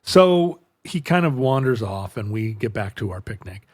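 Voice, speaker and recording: A man's voice: on the low side, expressive, moderate pace, darkish tone, no room sound, clean studio sound. A middle-aged man telling a long, rambling anecdote in casual chat, breaking off mid-sentence and acting out the dialogue. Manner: rambling, self-interrupting anecdote with quoted dialogue. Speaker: podcast host.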